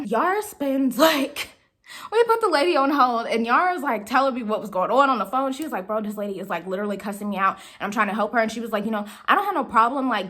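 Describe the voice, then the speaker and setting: A young woman recounts a story from her job straight to camera, chatty and animated. Her voice is fairly high and swings widely in pitch as she tells it. She talks to her viewers in a relaxed, casual way. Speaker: vlogger telling a storytime.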